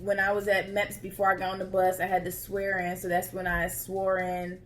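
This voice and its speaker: A woman vlogger casually telling her own story to viewers in a chatty, expressive way, calling them y'all. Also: mid-range voice, normal speed, soft background music.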